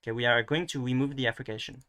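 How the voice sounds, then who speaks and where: A man's voice: medium pitch, steady tone, very fast, pushed and bright. A man giving a casual screen-share lesson, hesitant and full of restarts, fillers and self-mocking asides. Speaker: video tutor.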